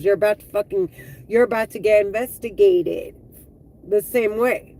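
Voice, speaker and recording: A woman live streaming an angry, profane monologue, heated and full of halting restarts. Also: medium pitch, a little mellow, poor audio.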